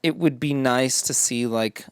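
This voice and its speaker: A man's voice: medium pitch, a little slow, clear, resonant tone, no room sound, studio quality. A man co-hosting a games podcast, talking casually and animatedly, swearing often. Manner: animated, swears often, mocking put-on voices. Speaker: podcast co-host. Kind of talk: casual chat.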